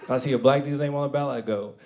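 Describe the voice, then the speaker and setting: A man performing a stand-up comedy set, loud and animated, often laughing at his own jokes. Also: mid-range voice, racing, noisy background. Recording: live club with crowd laughter. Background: audience laughing and clapping.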